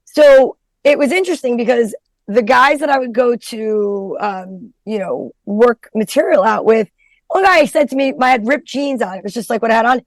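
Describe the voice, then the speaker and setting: A woman's voice: a little high, moderate pace, no room sound. A middle-aged woman comedian telling profane stories in casual podcast chat. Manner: blunt, profane, storytelling. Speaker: stand-up comedian, podcast guest.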